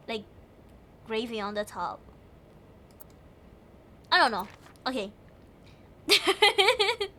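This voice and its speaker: A woman's voice: extremely high pitch, sharp tone. A young woman streaming a game, thinking aloud in casual chat, giggly and chatty. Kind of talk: casual live game commentary.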